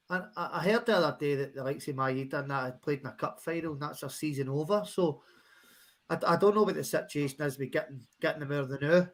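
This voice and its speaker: Sweary Scottish man, halting talk. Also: on the high side. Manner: sweary, halting with many restarts. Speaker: football podcast co-host. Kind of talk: casual post-match chat.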